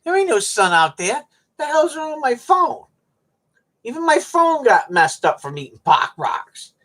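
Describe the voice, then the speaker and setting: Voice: high-pitched, sing-song, unhurried, fairly bright tone. A middle-aged streamer rambling at home in a folksy, joking way to viewers. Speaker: live streamer chatting with viewers. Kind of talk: rambling casual chat to viewers. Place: at home on a cold day.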